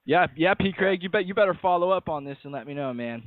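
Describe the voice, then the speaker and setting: A man's voice: a little high, lively intonation, no echo. A young man in his twenties hosting a radio show, chatting in a laid-back, slangy way. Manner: laid-back, slangy, quick to laugh along. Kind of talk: casual interview. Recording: thin phone-like sound.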